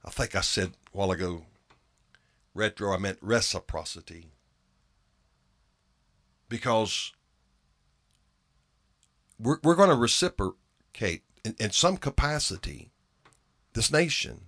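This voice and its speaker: A man's voice: on the low side, expressive, slow, long pauses, a bit bright. A man preaching a sermon in an earnest way, often repeating phrases and restarting his words for emphasis.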